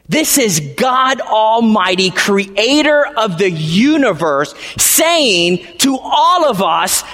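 Man, pastor preaching, high voice, slow deliberate delivery, long hall reverb. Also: very animated. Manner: emphatic, repeats phrases, swings between quiet and shouting. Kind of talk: sermon.

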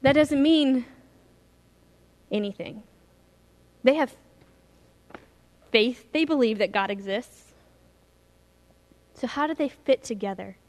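Woman pastor, earnest and emphatic sermon, high pitch, storyteller. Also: slow pace, pauses often, darkish tone.

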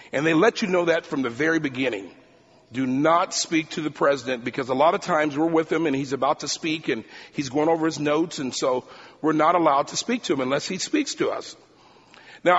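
A male preacher telling a personal story in a sermon, talking fast and animated. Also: a little high, breathy edge, long reverb tail, lo-fi sound.

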